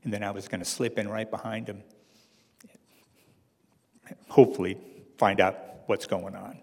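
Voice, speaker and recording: A man's voice: fairly low pitch, steady tone, normal speed, gravelly, breathy edge, big-room sound. A man telling a personal story to an audience with wry, dry humor.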